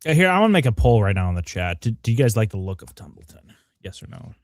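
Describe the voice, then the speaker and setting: Chill guy cohost, lowish voice, laughs a lot, dry sound. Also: big pitch swings, fast talker, a little mellow, no echo. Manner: laid-back, laughing, thanks chat donors. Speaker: podcast co-host. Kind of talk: casual livestream chat.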